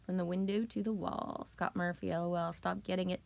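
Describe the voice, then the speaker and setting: A woman's voice: on the low side, steady tone, fairly quick, vocal fry, no room sound. Middle-aged woman streamer, casual and foul-mouthed, rambling chat, dry close sound. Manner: loose, profane, rambling. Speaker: live streamer.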